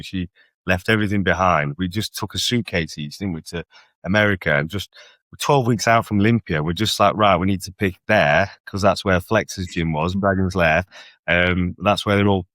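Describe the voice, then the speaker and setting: Lively storytelling man, deep dry voice. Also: no room sound. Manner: animated storyteller with frequent tag questions and laughter. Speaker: guest bodybuilder. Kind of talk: casual interview storytelling.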